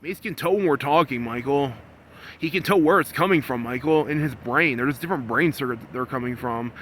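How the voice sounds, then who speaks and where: A man in a rambling solo monologue, repeating himself and swinging between low muttering and loud, insistent scolding. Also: fairly quick, a little hiss or hum. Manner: repetitive, talks about himself in the third person. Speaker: vlogger.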